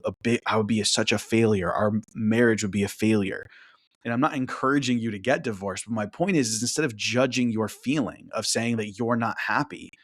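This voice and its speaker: A man hosting a relationship podcast who talks through his point in a casual monologue, tags many sentences with "right?", and acts out other people's thoughts. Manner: conversational, keeps adding "right?"; acts out quoted thoughts in a higher voice.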